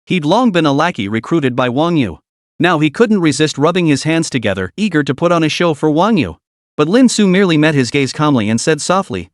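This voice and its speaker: A male narrator telling a scripted story recap with dramatic, steady delivery. His voice sits a little high with lively pitch movement, and the sound is dry and close. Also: a little fast, dry recording.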